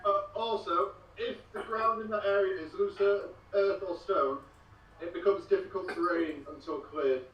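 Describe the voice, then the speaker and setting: A man at a tabletop game talks casually, carefully walking the table through how his spell works. His fairly high voice comes from some distance off in an echoey room. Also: steady tone, moderate pace, highs cut off. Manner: explains spell rules carefully. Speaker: player.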